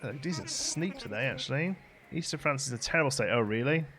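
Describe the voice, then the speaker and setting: A man's voice: mid-range voice, expressive, fast talker, fairly bright tone, faint music behind. A man chatting casually while streaming a game live, rambling and laughing often.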